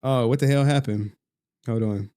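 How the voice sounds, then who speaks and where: A man's voice: medium pitch, normal speed, warm tone, clear, resonant tone. A man chatting casually on a live stream, talking straight to his chat in a loose, profane way and laughing often.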